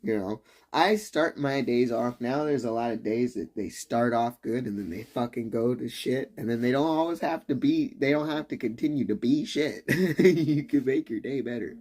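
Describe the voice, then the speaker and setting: A man's voice: mid-range voice, moderate pace, darkish tone, slightly rough. Rambling, profane male livestreamer. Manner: rambling, profane, laughs often. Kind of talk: casual live-stream rant.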